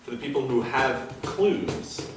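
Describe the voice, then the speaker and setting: A man co-hosting a casual livestream, enthusiastic and quick to react. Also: mid-range voice, big pitch swings. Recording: echoey room, distant mic, background noise.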